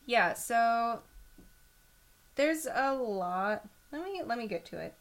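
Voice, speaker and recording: A woman's voice: fairly high pitch, lively intonation, takes it slowly. A young woman co-hosting a podcast, telling a story in casual chat with a sarcastic, laughing manner. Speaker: podcast co-host.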